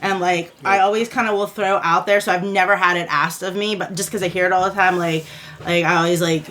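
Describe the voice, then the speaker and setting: A woman's voice: lowish voice, steady tone, fairly quick, a bit bright, a little hiss or hum. A young woman in her twenties chatting casually on a group podcast, rambling with lots of "like.". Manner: rambling, full of "like".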